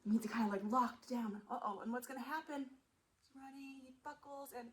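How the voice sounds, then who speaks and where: A woman museum storyteller reading a picture book aloud to children, animated and asking them questions. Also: high voice, brisk, low-quality recording.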